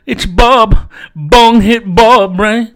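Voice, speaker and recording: A man's voice: sits high, drawn-out words, fairly bright tone, exaggerated voice. A man voicing a rambling, foul-mouthed stoner from Amarillo, hosting in character and tacking "man" onto nearly every phrase. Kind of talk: improvised comedic character monologue.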